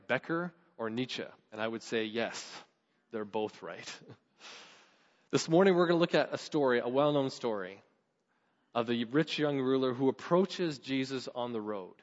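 A man preaching a sermon as pastor, earnest and building to emphatic questions. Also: mid-range voice. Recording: dull sound with long hall reverb.

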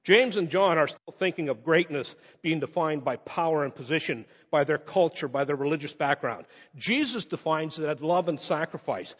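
A man preaching a sermon with animated delivery, slowing down for emphatic phrases and speeding through quick asides. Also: a little high, slightly rough. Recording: muffled sound in a reverberant hall.

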